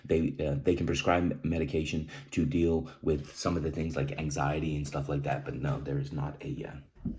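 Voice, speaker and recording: Low-voiced man giving blunt, emphatic advice. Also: level tone, darkish tone. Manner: emphatic, repeats key phrases, says "right?" often; halting, restarts, clears throat often. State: emotional. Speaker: vlogger sharing personal experience. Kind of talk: earnest direct-to-camera advice talk.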